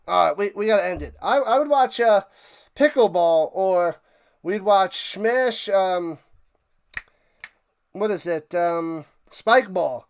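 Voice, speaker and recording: A man hosting a sports live stream, chatting excitedly and a bit out of breath as he signs off to his viewers. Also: high-pitched, takes it slowly. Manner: excited, rambling, talks to chat viewers. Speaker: sports livestream host. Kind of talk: casual live-stream sign-off chat.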